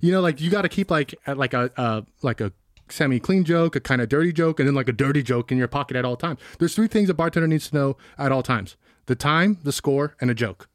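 A man's voice: mid-range voice, fast talker, no echo, clean studio sound. A man in casual podcast chat, rowdy and jokey, swearing a lot.

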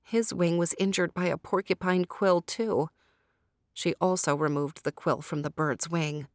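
A woman storyteller narrates a children's tale at a slow, deliberate pace. Her voice sits a little low. The recording is close and dry with no room sound. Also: fairly even intonation, dry recording. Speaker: storyteller host.

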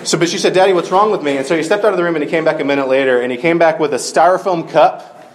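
A man's voice: a little high, rapid-fire, slight background noise. A man giving a casual storytelling sermon as a campus minister, chatty and full of fillers. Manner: conversational, many fillers like "like" and "um".

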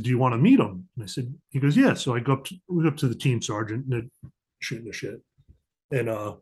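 A man's voice: mid-range voice, husky. A middle-aged man, a podcast guest, casually telling stories and acting out the lines of the people in them. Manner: animated storyteller, acts out quoted dialogue. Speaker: podcast guest, diplomatic security agent. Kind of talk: casual storytelling interview.

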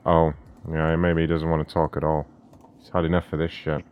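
A man's voice: rumbling low, monotone, fairly quick, clean tone, lo-fi sound. A man hosting a live prank call show, chatting casually with his audience in a loose, profane, joking way. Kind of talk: casual live-stream chat.

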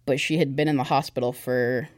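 A young woman's rumbling low, darkish voice comes through brisk and with fairly even intonation, in clean studio sound with no room sound. Appearing as a podcast guest, she gives a candid, conversational personal testimony in casual chat, full of fillers.

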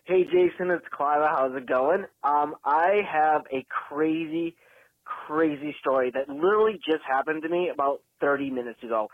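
A man's voice: on the high side, normal speed, no room sound. A man leaving a long, frustrated voicemail, rambling and restarting as he vents. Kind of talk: ranting voicemail story. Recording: tinny phone line voicemail.

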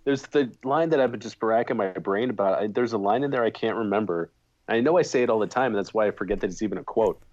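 A man co-hosting a casual chat, relaxed, with dry remarks and chuckles. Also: on the low side, quick pace, lo-fi sound. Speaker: podcast co-host.

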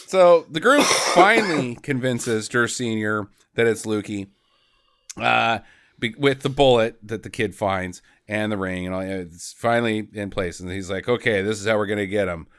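A man casually recapping a movie with a co-host, animated, swearing and mock-quoting the characters. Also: on the low side, a little slow, smooth. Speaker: podcast co-host.

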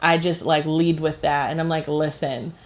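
A woman's voice: deep voice, flat delivery, normal speed. A woman co-hosting a casual chat, giving laid-back advice and laughing easily. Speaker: podcast co-host.

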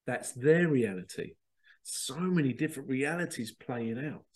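A man's voice: medium pitch, expressive, a little slow, darkish tone. A man hosting a podcast, talking in a rambling, digressive monologue and mocking other people in put-on voices. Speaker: podcast host. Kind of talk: casual spoken monologue.

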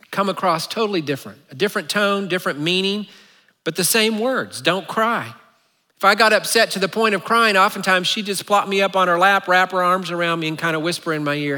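A man's voice: sits high, expressive, moderate pace, pushed and bright. A male pastor giving a conversational sermon, earnest, with wry asides, in a church sanctuary. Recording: echoey hall reverb.

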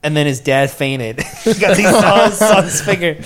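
Animated storytelling man, swearing freely. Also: fairly high pitch, normal speed. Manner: animated, swearing, acts out quotes in a raised voice. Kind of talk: casual storytelling chat.

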